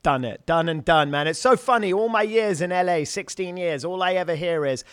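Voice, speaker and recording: A man's voice: high voice, fairly quick, fairly bright tone, smooth, no echo, clean studio sound. A man hosting a podcast interview, upbeat and casual, calling his guest "man" and swearing freely. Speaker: podcast host.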